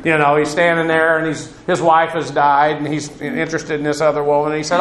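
A man's voice: fairly high pitch, level tone, fairly quick, few pauses, a bit bright, reverberant, slight background noise. A man teaching through a Bible passage verse by verse, in a conversational, digressive way with asides on Greek grammar.

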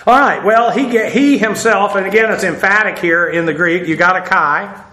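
High, bright-voiced male Bible teacher. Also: normal speed, roomy sound. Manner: explains Greek grammar, spells words out letter by letter; frequent "uh" fillers, self-deprecating asides.

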